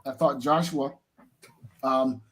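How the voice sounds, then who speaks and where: A man giving casual boxing analysis as a show guest, halting and restarting as he thinks. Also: mid-range voice, steady tone. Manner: halting, lots of fillers and restarts.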